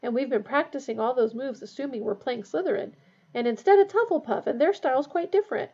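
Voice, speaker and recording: A woman voicing an intense, anxious young male sports captain who speaks bitterly and forcefully, in a storybook reading. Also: sits high, fast talker, slightly rough, dull audio.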